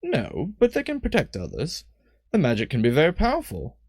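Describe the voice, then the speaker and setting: A man's voice: on the high side, wildly swooping pitch, no echo, studio quality, voice pushed up, exaggerated voice. A composed, knowing female mage speaks as a man reads her lines aloud. Her voice sits well above a man's normal range and wanders up and down. The British accent comes and goes. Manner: attempted British accent, halting.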